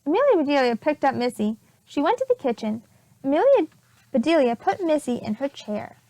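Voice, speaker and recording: A preschool teacher, a woman, reading storybooks aloud to young children in a clear, expressive way. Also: high-pitched, a little fast, no echo, poor audio.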